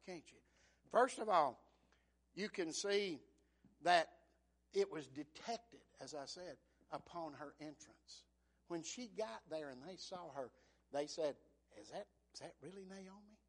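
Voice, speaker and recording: High-voiced man preaching with dramatic swings. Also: vocal fry. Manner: dramatic preaching, swinging from whispers to loud peaks. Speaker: pastor. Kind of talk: sermon.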